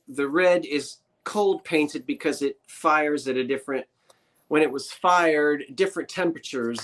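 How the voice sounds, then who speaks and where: A man's voice: fairly high pitch, fairly bright tone. A man running a live-streamed auction sale, describing items in a chatty, rambling way with joking asides.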